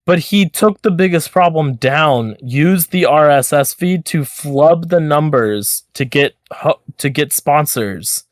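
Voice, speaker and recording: A man co-hosting a podcast in casual chat, animated and swearing freely, often repeating words as he thinks. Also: a little high, slow, few pauses, no room sound. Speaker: podcast co-host.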